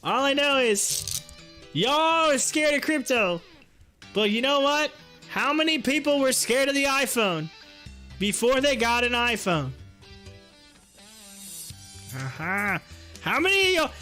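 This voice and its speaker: A man hosting a casual live stream. He reads out viewer comments, talks in an animated way and laughs often. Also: extremely high pitch, a little slow, pauses often, soft background music. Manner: animated, laughs often, drawls on his words. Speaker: livestream host. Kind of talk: casual livestream chat reading viewer comments.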